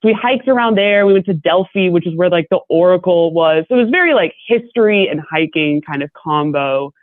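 Animated young woman on a tinny line. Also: on the low side, brisk, no echo. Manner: animated storytelling with frequent laughs. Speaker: guest. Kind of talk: casual podcast chat. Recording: dry, tinny phone-like line.

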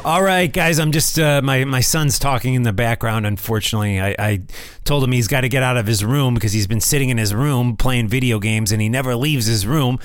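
A man's voice: mid-range voice, a little fast, no echo, studio quality. A middle-aged man from the United States hosting his own podcast, talking in a rambling, casual way with restarts, recorded at home. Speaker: podcast host. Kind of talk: casual solo podcast chat. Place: home room. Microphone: phone.

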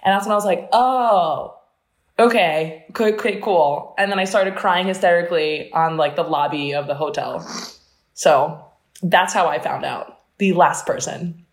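Young woman, from New Jersey, fast-talking, animated storyteller, lowish voice, roomy echo. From New Jersey, USA. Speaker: Olympic fencer, interview guest. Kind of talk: casual storytelling interview.

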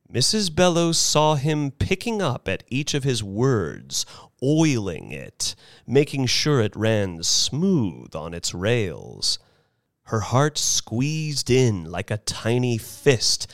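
A man reading a short story aloud as its narrator, theatrical and richly expressive, voicing its people as he goes. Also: mid-range voice, dry recording, studio quality. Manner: theatrical, with wide swings of expression. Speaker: narrator and performer. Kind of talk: dramatic audiobook narration.

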